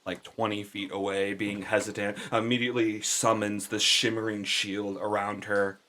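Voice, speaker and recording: A man's voice: fairly low pitch, flat delivery, normal speed, sharp tone. A man narrating a tabletop game as game master, in a casual, meandering way.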